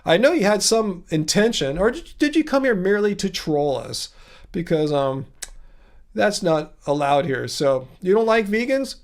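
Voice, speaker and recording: Chatty high-voiced man hosting a livestream. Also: sing-song, normal speed. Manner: chatty, reads viewer comments aloud and replies; rambling with many restarts and fillers. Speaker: livestream host answering chat. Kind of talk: casual livestream chat.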